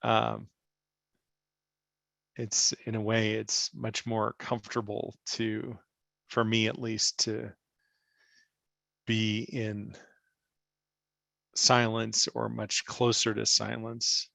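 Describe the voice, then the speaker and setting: A man leading an online spiritual class over a video call, speaking gently and slowly while searching for his words. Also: on the low side, completely flat delivery, vocal fry, dry recording. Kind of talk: reflective teaching talk.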